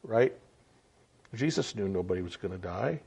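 A man's voice: deep voice, expressive, moderate pace, vocal fry, darkish tone, slightly rough. A man giving a reflective spoken sermon message in an earnest way, with frequent stammered restarts. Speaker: preacher.

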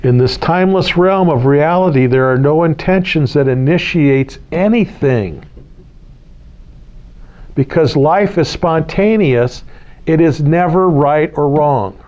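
Slow and a little high, with a darkish tone, this man is a spiritual teacher from the United States. He addresses a small group in a casual way, repeating key phrases and asking them questions. The lo-fi recording is slightly dull.

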